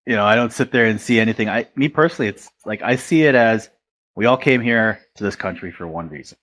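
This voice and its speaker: A man's voice: lowish voice, fast, a bit bright. An American man, a podcast guest, telling rambling, profane stories and quoting friends along the way. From United States. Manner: rambling, profane, retells dialogue with quoted voices. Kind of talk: casual storytelling.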